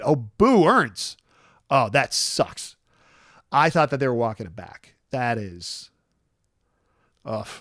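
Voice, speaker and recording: A man's voice: mid-range voice, dry recording, clean studio sound. Rambling man hosting a chill morning stream. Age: 40s. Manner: rambling, self-deprecating, many restarts and fillers. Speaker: host. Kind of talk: casual live-stream chat.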